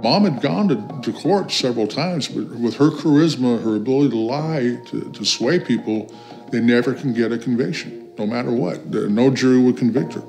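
A man's voice: medium pitch, normal speed, vocal fry, a little mellow, faint music behind. A man giving a documentary interview, telling about family events in plain storytelling with repeated words. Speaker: interviewee, son.

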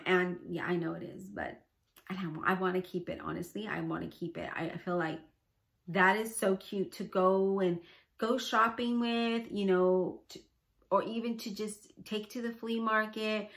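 A chatty middle-aged woman with a bright, clear voice, showing off her handmade crafts in a rambling, enthusiastic way. She talks at a relaxed middle pitch and fills her pauses with ums and you-knows. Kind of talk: casual chat.

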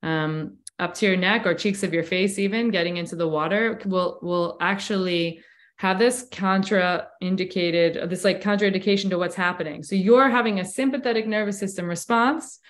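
A woman's voice: on the low side, normal speed. Woman, breathwork coach, casual interview, enthusiastic, flowing run-on explanations. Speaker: breathwork and cold exposure coach.

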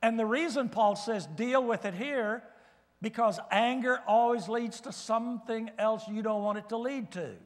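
Older guy preaching in a church, folksy funny stories, highish voice, big echoey sanctuary. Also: moderate pace. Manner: folksy storytelling with humor. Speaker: guest preacher. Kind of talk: sermon.

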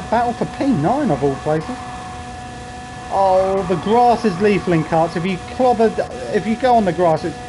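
A man streaming a racing game live, chatting to viewers and crying out when he crashes. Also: high voice. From England. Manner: excitable, chatty, cries out at crashes. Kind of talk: live gameplay commentary. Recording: game engine noise behind voice.

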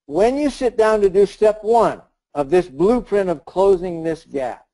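Mellow-voiced man telling a motivational story. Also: high voice, lively intonation, measured pace, rough recording. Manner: storytelling, acts out dialogue, shouts in the story. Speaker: speaker leading a webinar. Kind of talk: motivational talk with a told scenario.

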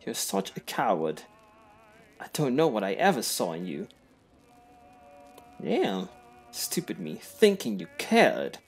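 A man's voice: on the low side, wildly swooping pitch, slow, pauses often, breathy edge, soft background music, voice pushed down, full character voice. A man putting on a flamboyant, dramatic lovesick adventurer. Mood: bitter. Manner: theatrical, flirtatious, calls everyone darling.

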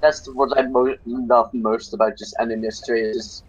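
A Dutch man from the Netherlands, with a slightly British-sounding accent, casually explains game tactics while playing and commenting. His mid-range voice is husky, at normal speed with little pitch movement, and the audio is dull.

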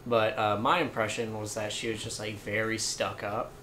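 A young man, a podcast guest, telling a story in a loose, relaxed way with lots of fillers. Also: lowish voice, moderate pace, slight background noise. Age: young adult. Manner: laid-back storytelling, filler-heavy. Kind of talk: casual chat.

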